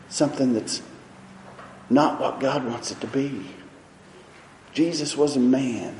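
Male preacher, emphatic sermon, high lively voice, echoey hall. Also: a little hiss or hum. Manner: impassioned and emphatic, swinging between loud and soft.

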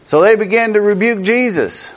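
A man preaching a sermon slowly and emphatically, repeating key words for effect. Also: sits high.

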